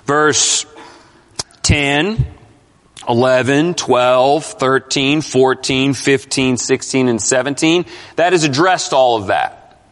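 Emphatic pastor in a reverberant hall. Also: male voice, medium pitch, slow pace, a bit bright. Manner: emphatic, questions the congregation. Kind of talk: expository sermon.

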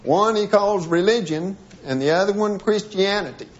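A preacher with a high-pitched voice teaches a sermon-style Bible lesson at normal speed, reading passages aloud and breaking them down piece by piece with frequent restarts. The recording is dull and lo-fi.

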